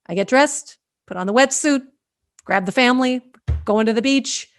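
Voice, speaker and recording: A woman host telling a personal story to an online group in an animated, expressive way over a video call. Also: fairly high pitch, brisk. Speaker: host and company founder.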